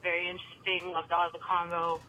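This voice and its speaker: A woman's voice: lowish voice, completely flat delivery, brisk, sharp tone, a little hiss or hum, rough recording. A woman leaving a casual voicemail for a show, rambling and ranting with plenty of profanity. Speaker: voicemail caller. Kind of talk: casual recorded voice message.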